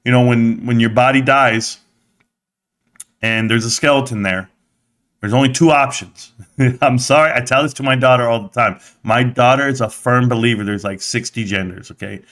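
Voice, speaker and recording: A middle-aged man from the United States rants casually to his live-stream chat. His pitch sits in an ordinary middle range, and he rambles, restarts and talks straight at the viewers. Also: steady tone, normal speed, a bit bright.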